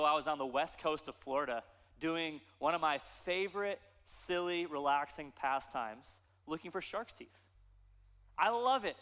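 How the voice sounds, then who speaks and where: Pastor in his 30s, preaching with a fairly high, lively voice; long church-hall reverb. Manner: animated storytelling with playful asides. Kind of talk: sermon.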